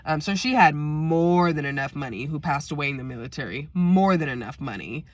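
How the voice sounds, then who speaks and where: A woman telling a personal story in a direct, animated, chatty way. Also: low voice, fairly quick, dry recording. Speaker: vlogger. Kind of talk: casual storytime.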